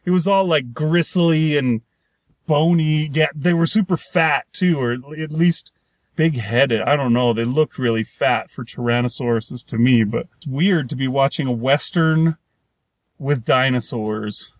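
In this casual movie review chat, a podcast co-host with a mid-range voice talks a little slowly, wandering off track and restarting sentences while often acting out lines from the film. There's no room sound on the recording.

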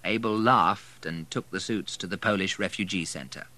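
A man reading a novel aloud in a measured, scripted narration style, recorded close to the mic. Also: sits low, pushed and bright. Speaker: audiobook narrator.

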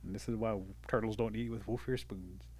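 A man telling a traditional folk tale out loud in an animated way, acting out the voices and sounds in the story. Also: fairly low pitch, brisk.

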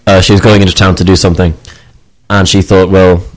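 A man's voice: low-pitched, flat delivery, fairly quick, rough recording. A man chatting casually on a talk show, rambling and stammering as he restarts. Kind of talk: casual chat.

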